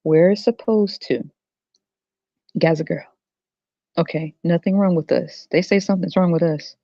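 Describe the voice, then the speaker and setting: A woman's voice: on the low side, measured pace, mellow. A woman rants through a solo podcast monologue, crude and full of profanity, talking straight to her viewers and laughing often. The recording is dull and lo-fi, with a dry, close sound and no room echo. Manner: addresses viewers directly. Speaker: podcast host.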